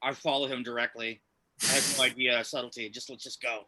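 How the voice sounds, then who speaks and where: A man's voice: medium pitch, flat delivery, fairly quick, pushed and bright. A man playing a tabletop game, joking around as a gleeful player. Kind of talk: tabletop role-play chat.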